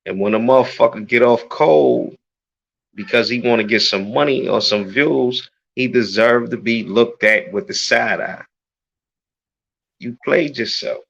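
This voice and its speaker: A man's voice: medium pitch, unhurried, gravelly, a bit bright, breathy edge, highs cut off. A man speaking as a guest on an online panel, blunt and profane. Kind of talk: heated panel talk.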